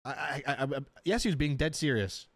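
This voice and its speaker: Lively young man reacting, dry close sound. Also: on the high side, brisk, no room sound. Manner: animated, incredulous, rambling with restarts. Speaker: streamer reacting to a TV episode. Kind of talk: casual reaction commentary. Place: home streaming setup.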